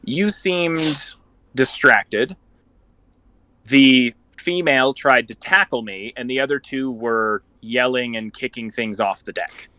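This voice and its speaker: A young adult man playing a tabletop game, speaking in character in a formal, measured way. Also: mid-range voice, pushed and bright, no room sound, low-quality recording. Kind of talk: in-character tabletop role-play.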